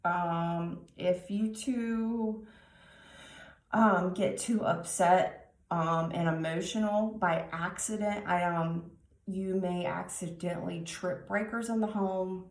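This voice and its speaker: A woman giving a tarot reading, talking slowly and musingly with many pauses and restarts. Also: fairly low pitch, steady tone, roomy sound. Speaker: tarot reader.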